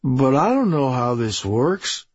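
An easygoing slacker sidekick from an audiobook, put on by a male narrator. The voice is slow, a bit husky and dry, and sounds slightly dull. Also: medium pitch, very animated, no echo, full character voice. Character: male Coleman, a laid-back slacker sidekick.

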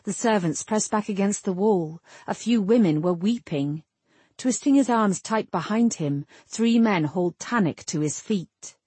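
A woman reading a fantasy novel aloud with steady, measured storytelling. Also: medium pitch, husky, dry recording. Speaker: narrator. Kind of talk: audiobook fantasy narration.

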